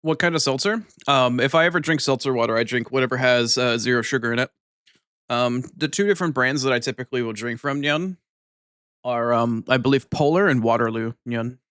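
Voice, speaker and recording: A live streamer with a clear, resonant, medium-pitched voice that's a bit bright chats casually with viewers. Loose and swearing, he mumbles between bites in no hurry and ends lines with a cat-like "nyan" tic; the audio is dry and booth-like, without echo.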